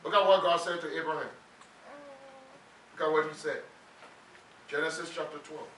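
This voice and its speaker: A man with a high, bright, ringing voice preaches a sermon, emphatic and drawing the congregation into call-and-response. He is heard slightly off-mic in a roomy church hall. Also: fairly even intonation, moderate pace, distant mic, slight background noise. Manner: emphatic, leads congregation in repeating phrases.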